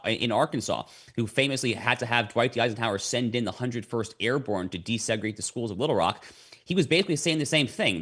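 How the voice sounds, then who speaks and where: A man's voice: mid-range voice, fairly bright tone. A man as a podcast guest, explaining at length in a lecturing way and repeating words as he starts his sentences. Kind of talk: explanatory conversation.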